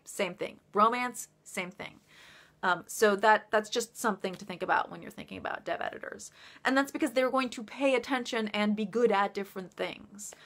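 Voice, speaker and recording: Woman, bright voice, casual rambling host, frequent laughs. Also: medium pitch. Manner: chatty and rambling, laughs often, many fillers. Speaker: author hosting a livestream. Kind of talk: casual livestream chat.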